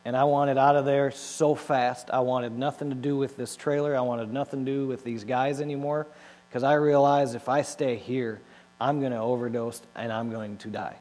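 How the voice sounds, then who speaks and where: A man telling his life story to an audience, animated and acting out his own past words. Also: mid-range voice, moderate pace. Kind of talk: personal testimony to an audience. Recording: long hall reverb with mains hum.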